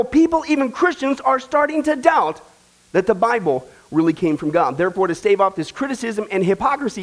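A man, a pastor, preaching a sermon in a folksy, joking way and calling his congregation folks. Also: very high-pitched. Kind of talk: sermon with a joke. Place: church.

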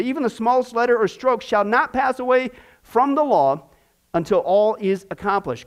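A man with a notably high-pitched voice leads a Bible class before a live group. He talks in a loose, conversational way, tosses in corny jokes and keeps checking in with the class through quick rhetorical questions. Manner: chatty, corny asides, frequent rhetorical "okay?".

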